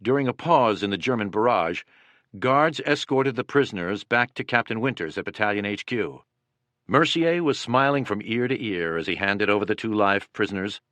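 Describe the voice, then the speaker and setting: A man narrating a war history audiobook in a steady, dramatic reading. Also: mid-range voice, no room sound. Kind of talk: scripted narration.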